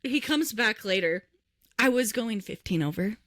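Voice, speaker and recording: Animated, bright-voiced young woman telling a story. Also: medium pitch, moderate pace, no echo, clean studio sound. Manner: animated, swears freely, acts out voices in her story. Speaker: podcast co-host. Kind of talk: casual storytelling chat. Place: podcast recording room. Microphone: close to the mic.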